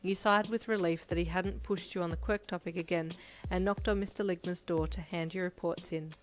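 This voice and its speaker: A woman reads a fan story aloud in second person, with a steady and even delivery. Her voice sits low for a woman. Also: fairly quick, faint music behind. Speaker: fanfiction reader.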